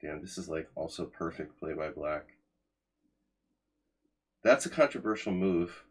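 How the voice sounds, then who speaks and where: A man's voice: very deep voice, lively intonation, a little slow, breathy edge. A man in his forties giving sardonic, chatty commentary while he plays chess on a live stream and talks to his chat.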